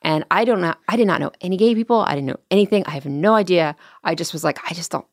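A podcast guest, a woman with a low, gravelly voice, chatting casually. She tells stories with animation and acts out the voices of people she quotes. The sound is dry and close. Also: fast talker, no echo. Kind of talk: casual chat.

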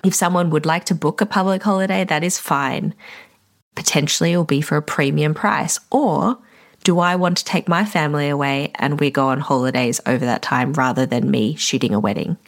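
A woman's voice: deep voice, moderate pace. A woman, a wedding photographer hosting a solo podcast, talking reflectively and encouragingly to fellow vendors. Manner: reflective, encouraging, a little emotional at times.

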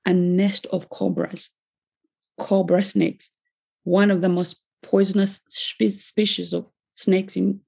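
A woman's voice: fairly low pitch, vocal fry, warm tone, slightly rough. A middle-aged woman with a Ugandan accent, earnestly telling her life story as a personal testimony and acting out the dialogue she quotes. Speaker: speaker giving a personal testimony.

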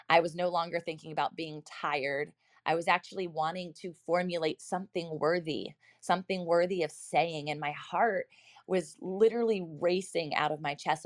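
A woman's voice: low-pitched, dry recording, studio quality. A woman in her thirties telling a personal story in an earnest, reflective way, speaking directly to her listeners.

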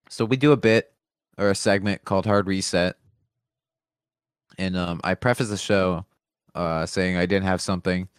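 A man with a lowish, smooth voice co-hosts a live podcast in loose banter. He jokes and swears casually. The sound is close and dry. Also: no echo. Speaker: podcast co-host.

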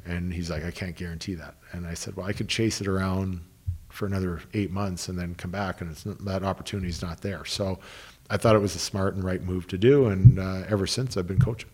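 A man's voice: deep voice, steady tone, brisk, darkish tone, breathy edge. A man, a hockey coach, telling long anecdotes in an interview, restarting sentences and quoting people he worked with. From Canada. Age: 30s. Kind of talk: interview storytelling.

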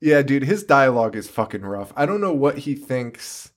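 A man's voice: mid-range voice, moderate pace, noisy background. A young man co-hosting a horror podcast in casual chat, swearing freely and laughing often as he recaps scenes. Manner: profane, laughing, animated storytelling. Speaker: podcast co-host.

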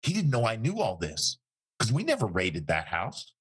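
A man's voice: lowish voice, huge pitch swings, moderate pace, husky. A man, a former interrogator, telling a story in an interview and acting out the quoted dialogue.

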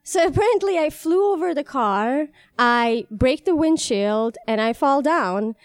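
A young woman from Iran telling a vivid first-person story, animated and laughing as she goes. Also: a little high, unhurried, dry recording.

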